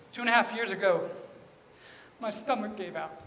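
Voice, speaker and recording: High-voiced preacher in a big hall. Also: male voice, fairly quick, sharp tone, slight background noise. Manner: earnest, confessional storytelling with repeated phrases. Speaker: pastor. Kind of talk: sermon. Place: church sanctuary. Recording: reverberant church hall with faint ambience.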